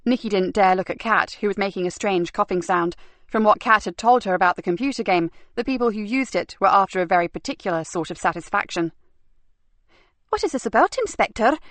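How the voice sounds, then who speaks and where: A woman narrating a crime novel audiobook in a steady, even storytelling manner. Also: mid-range voice, quick pace, no room sound. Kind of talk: scripted narration.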